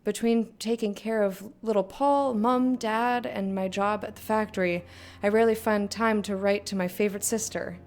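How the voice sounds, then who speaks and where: Chatty british working-class sister reading her letter as a woman puts on the accent, blunt and gossipy, mid pitch. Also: steady tone, normal speed, darkish tone, natural voice. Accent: put-on British.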